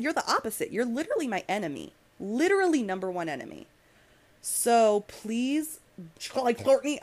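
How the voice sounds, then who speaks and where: A young woman hosting a podcast, ranting bluntly and emotionally with profanity and many restarts. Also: mid-range voice. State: emotional, angry. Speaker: podcast host. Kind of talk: heated podcast rant.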